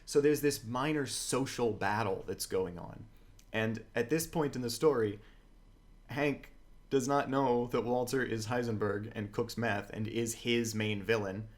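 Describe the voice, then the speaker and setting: A man co-hosting a podcast in casual chat, an animated storyteller who acts out the scenes he retells. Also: medium pitch, unhurried. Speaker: podcast co-host.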